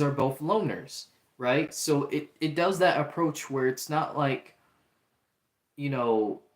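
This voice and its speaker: A man talks through a show review in a loose, chatty way, full of fillers and restarts. His pitch sits in the middle. The room around him gives a noticeable echo. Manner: chatty, many fillers and restarts, acts out quotes. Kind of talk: casual review talk. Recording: roomy echo.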